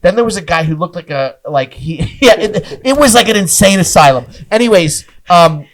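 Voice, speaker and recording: A man's voice: high voice, expressive, moderate pace, poor audio. A man telling a rambling comic story in casual chat, laughing often and acting out the people in it. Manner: rambling, laughs often, acts out voices in his stories. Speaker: podcast guest.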